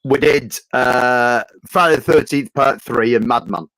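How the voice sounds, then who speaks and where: A man's voice: medium pitch, measured pace, fairly bright tone, dry recording, low-quality recording. A man, chatting casually on a podcast, with a mid-range voice. He stammers and restarts a lot and swears freely. The recording is dry and close. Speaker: podcast co-host. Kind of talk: casual chat.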